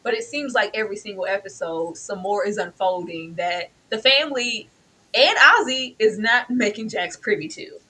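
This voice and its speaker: A woman co-hosting a casual TV review chat, animated and exclamatory, playfully teasing. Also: medium pitch, moderate pace, husky, rough recording. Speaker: co-host reviewing a TV drama.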